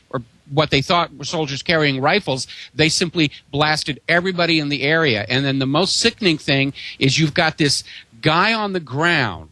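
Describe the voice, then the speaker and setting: Male radio guest, bright tense voice, earnest and steady, dry sound. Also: fairly high pitch, no room sound, poor audio. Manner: earnest, steady explanatory delivery. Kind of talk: phone-in commentary.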